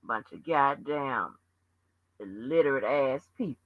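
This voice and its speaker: Scolding her viewers in a heated, swear-filled rant, a channel host speaks in a rumbling low, expressive voice at a measured pace. The audio is dry, dull, and lo-fi, without echo.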